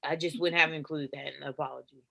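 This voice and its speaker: A woman co-hosting a reality show recap, animated and opinionated, often laughing. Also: sits low, fast, creaky, a little hiss or hum, rough recording. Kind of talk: casual chat.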